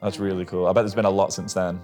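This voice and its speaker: Low-voiced British male interviewer. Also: rapid-fire, soft background music. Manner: relaxed, leads questions, laughs along. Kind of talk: casual interview chat.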